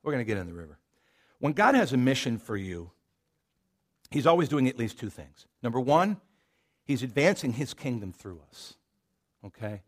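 Folksy pastor preaching. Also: male voice, medium pitch, very animated, moderate pace, long pauses. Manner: folksy and conversational, with many restarts and asides. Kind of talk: sermon. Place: church sanctuary.

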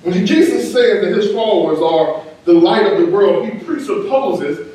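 A man preaching a sermon as pastor, emphatic and rising, with quick asides and laughter, in a church sanctuary. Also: high-pitched, expressive, mellow. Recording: echoey church hall, from a distance.

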